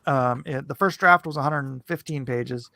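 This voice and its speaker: A man's voice: mid-range voice, moderate pace, creaky, bright, forceful tone, dry recording. A man hosting a livestream in casual chat, talking in a rambling, loose way with frequent restarts. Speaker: livestream host and comic artist.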